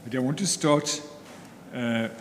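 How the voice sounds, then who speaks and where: A man arguing a case in court, formal and measured, with some restarts. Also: medium pitch, background noise. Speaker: advocate in court. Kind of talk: legal argument in court. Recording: long reverb of a hall, faint ambience.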